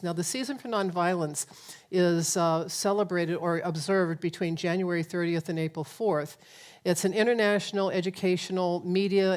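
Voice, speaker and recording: A woman leading a church service explains a nonviolence campaign and introduces a reader, in a plain, explanatory way with small hesitations. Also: lowish voice. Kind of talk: service announcements.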